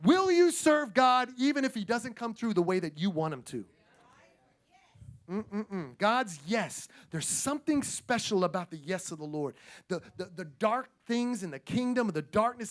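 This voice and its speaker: A male pastor preaching a sermon with energetic emphasis, repeating phrases and calling out to the congregation. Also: high voice.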